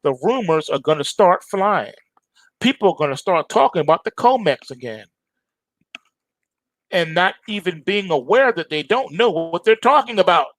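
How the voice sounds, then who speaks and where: A man's voice: high voice, lively intonation, normal speed, fairly bright tone, no room sound. Emphatic man talking through market charts. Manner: emphatic, repetitive, talks straight to viewers. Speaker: trading analyst host.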